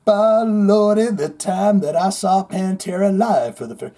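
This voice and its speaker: A man hosting a podcast, telling a long story in a rambling, animated way, full of swearing and acted-out quotes. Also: high-pitched, moderate pace. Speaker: podcast host. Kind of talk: casual storytelling monologue.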